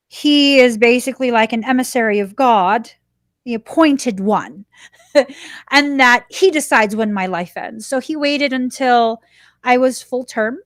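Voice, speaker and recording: A woman hosting a podcast, talking through a personal story in a casual, animated way and slipping into little laughs. Her voice sits on the higher side. It is recorded close and dry, with no room sound. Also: no room sound. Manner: animated, chatty, laughs while telling. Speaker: podcast host.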